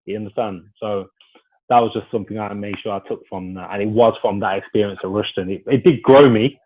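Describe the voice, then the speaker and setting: A man, a former footballer being interviewed, telling lively stories and acting out what others said to him. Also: lowish voice, brisk. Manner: lively anecdotal storyteller, acts out dialogue. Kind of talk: casual storytelling interview. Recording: tinny phone-like line.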